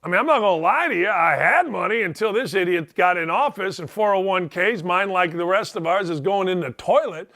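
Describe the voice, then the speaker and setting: A man's voice: sits high, brisk, few pauses, sharp tone. A middle-aged man hosting a sports talk show, ranting bluntly and sarcastically in a rambling way. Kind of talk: opinionated talk radio rant.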